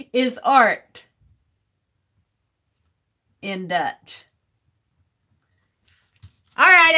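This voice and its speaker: This middle-aged woman artist, chatting casually on her live stream, laughs a lot as she works and reads the chat by sounding words out letter by letter. Her voice is high-pitched and sharp.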